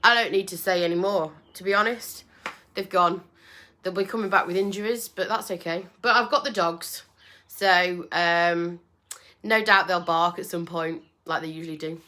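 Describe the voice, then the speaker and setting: A woman's voice: fairly low pitch, fairly even intonation, normal speed, sharp tone. A woman hosting a casual livestream from home, chatty and self-deprecating, with lots of ums. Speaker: furniture painter and livestream host. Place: home with doors open.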